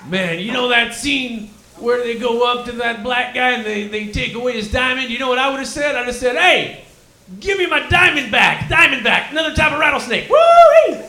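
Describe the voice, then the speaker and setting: A man's voice: very high voice, a little fast, pushed and bright, heavily acted. A man voicing a crude, stoned male Texan cobra with a put-on Texan drawl, rambling and whooping in a live stand-up character bit. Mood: stoned rowdy. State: claims to be high, cotton mouth. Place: comedy lounge stage, live. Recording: roomy live club room.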